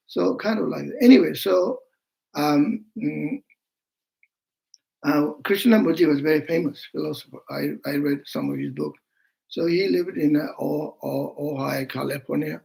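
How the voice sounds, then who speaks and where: Gravelly-voiced older Buddhist teacher, man. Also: on the high side, darkish tone, poor audio. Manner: halting non-native English, many fillers, acts out quoted people. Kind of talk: dharma teaching.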